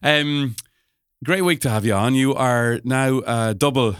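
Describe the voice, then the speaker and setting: A man's voice: medium pitch, measured pace, a bit bright, clear, resonant tone, no echo, clean studio sound. An Irish man hosting a podcast, easygoing and rambling, with many fillers. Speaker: podcast host. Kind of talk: casual chat, hosting.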